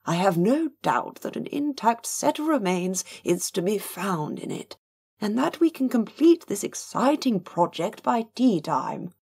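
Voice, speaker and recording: Woman voicing a dry sarcastic noblewoman, slow, lilting, gravelly, storybook reading. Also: medium pitch, big pitch swings, a little mellow, voice pushed up, full character voice. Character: dry, sardonic noblewoman Lady Worth, middle-aged.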